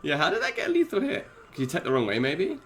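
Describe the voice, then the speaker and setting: A young man streaming a fighting game, chatting with viewers in a casual, excitable way and laughing often. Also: fairly high pitch, fast talker, vocal fry, a crowd in the background. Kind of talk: casual gaming stream chat.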